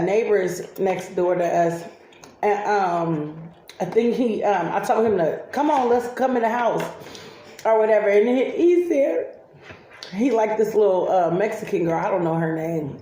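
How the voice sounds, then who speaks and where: A woman's voice: mid-range voice, warm tone, reverberant. A woman and mother telling family stories over breakfast in a casual, chatty way, laughing often. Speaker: vlogger and mother. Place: home kitchen table.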